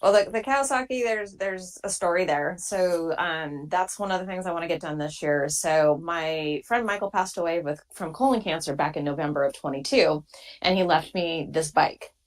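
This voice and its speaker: Low-voiced woman, hesitant and casual. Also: moderate pace, poor audio. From Washington State. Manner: hesitant, many "um" fillers. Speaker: interview guest, motorcycle rider. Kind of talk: casual interview conversation.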